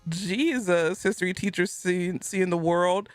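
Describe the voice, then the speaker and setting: A woman streaming live, chatting casually with her chat, animated and laughing a lot as she banters. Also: on the low side, measured pace, no room sound, soft background music. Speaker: gaming streamer.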